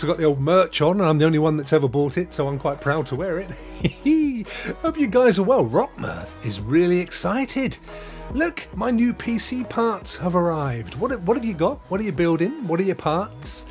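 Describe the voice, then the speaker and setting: A man's voice: a little high, sing-song, normal speed, a little mellow, faint music behind. A man hosting a casual live stream, chatting upbeat and laughing often as he greets viewers. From England. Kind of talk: casual live chat, reading viewer comments.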